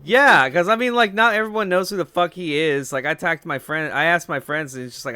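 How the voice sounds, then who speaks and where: A man's voice: on the high side, brisk, pushed and bright, clean tone, no echo. A young man hosting a let's play, chatting casually over gameplay with lots of fillers and swearing. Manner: rambling, swears freely, many fillers.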